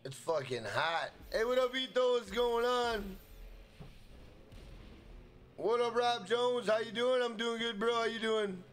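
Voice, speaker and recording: A man's voice: very high voice, unhurried, long pauses, a little hiss or hum. A young man from Minnesota live streaming a game, chatting casually, swearing freely and hyping up his chat. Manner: hyped, profane, shouts out chat members.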